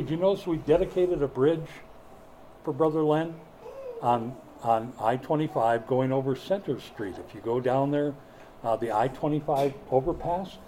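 An older man preaching a sermon, a folksy joking storyteller who builds to loud, emphatic preaching. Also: medium pitch, a little hiss or hum. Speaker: pastor.

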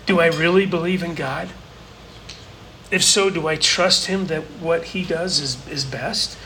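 A man's voice: a little high, unhurried, bright, forceful tone, slight background noise, rough recording. A man preaching a sermon as pastor, earnest and building his points through emphatic repetition. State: briefly choked up.

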